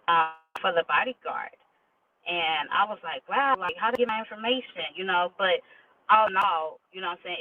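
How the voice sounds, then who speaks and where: High-voiced man on a tinny distant line. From Kansas City area, US. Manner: rambling, full of "like" and "you know", acts out quoted dialogue. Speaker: makeup artist and salon owner. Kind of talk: casual personal storytelling on a panel. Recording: tinny phone-like line, distant mic, faint noise.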